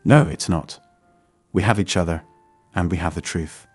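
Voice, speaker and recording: A man's voice: deep voice, normal speed, slightly rough, faint music behind. A man voicing a determined young woman who speaks firmly and angrily. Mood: firm angry. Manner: firm, angry.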